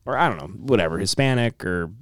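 Animated man rambling through stories. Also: lowish voice, fast, no room sound, clean studio sound. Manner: rambling storyteller, acts out quotes in other voices. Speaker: podcast co-host. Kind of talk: casual chat.

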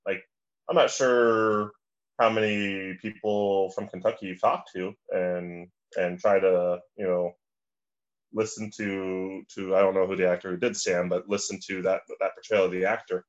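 A man's voice: low voice, flat delivery, unhurried. A man chatting casually as a podcast guest, rambling with lots of restarts and fillers. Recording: slightly dull lo-fi audio.

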